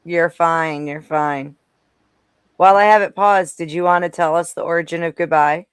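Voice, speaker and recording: A chatty streamer talks straight to the chat between clips, tossing out quick asides. The voice comes across smooth and clear, close and dry on the mic. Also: medium pitch, steady tone, no room sound. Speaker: streamer host. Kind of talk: casual live stream chat.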